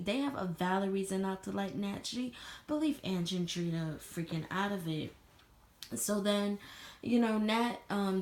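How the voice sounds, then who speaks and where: A woman casually recapping a TV episode in a vlog, loose and chatty, swearing freely and leaning on "you know.". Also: medium pitch. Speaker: TV show reviewer. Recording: echoey room.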